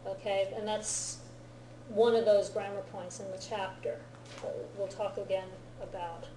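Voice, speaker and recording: A woman's voice: mid-range voice, steady tone, measured pace, roomy sound, crowd noise, low-quality recording. A woman teaching a grammar lesson to a class, patiently explaining and often checking whether everyone understands. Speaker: Japanese teacher.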